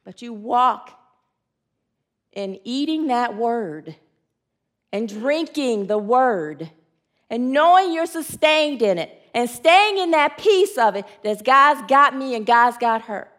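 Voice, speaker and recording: A woman with a slightly high, fairly bright, sing-song voice takes her time preaching a sermon. Through call and response with her congregation, she earnestly tells stories and performs the quoted speech.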